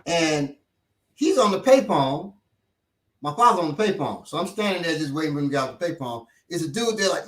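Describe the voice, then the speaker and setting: A man telling lively street stories in casual chat, acting out the people in them. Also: on the high side, a little fast, echoey room, far from the mic. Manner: animated storyteller acting out voices. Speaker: instructor. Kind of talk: casual storytelling.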